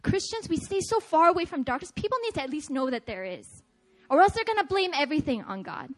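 A woman giving a testimony-style sermon at a prayer meeting, energetic and emphatic, often laughing as she speaks. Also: sits high, fast. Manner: emphatic, repetitive preaching cadence.

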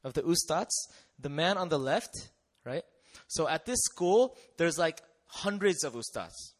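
A young man tells a story from his missionary days in a lively, animated way. He acts out the voices of the people in it and laughs often. His voice sits a bit higher than most men's. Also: unhurried. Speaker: missionary speaker. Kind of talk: storytelling testimony talk.

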